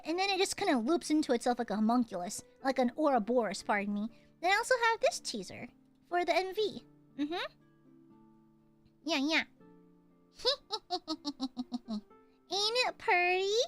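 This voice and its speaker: A young American woman streaming casually, playfully thanking donors and shrieking back at her chat. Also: high-pitched. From United States. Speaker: VTuber streamer. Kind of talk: casual livestream chat, reading donations.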